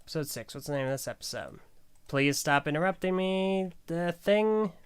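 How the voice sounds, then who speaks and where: A man's voice: a little high, animated, moderate pace, clean tone. This is a man hosting a casual podcast. He recaps a cartoon episode in a sarcastic, joking way and keeps interrupting himself. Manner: jokey, sarcastic. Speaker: podcast host.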